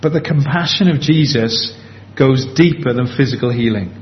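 Guy giving a sermon, earnest and chatty, slows right down for the big points, muffled recording. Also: medium pitch. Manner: earnest, conversational, slows down for emphasis. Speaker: preacher. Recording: dull lo-fi with faint background hiss.

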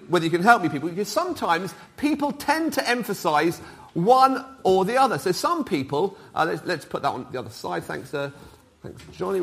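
Man, middle-aged pastor, all-age sermon, talks with the congregation, bright high voice. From Wales. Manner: lively, interactive, asks the congregation to join in.

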